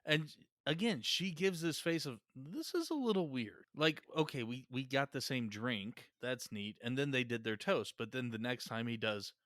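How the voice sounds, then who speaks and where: A man's voice: medium pitch, moderate pace, few pauses, fairly bright tone, dry recording, clean studio sound. A man co-hosting a podcast, riffing on a film with joking asides and frequent laughs. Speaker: podcast co-host. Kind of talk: casual movie review chat.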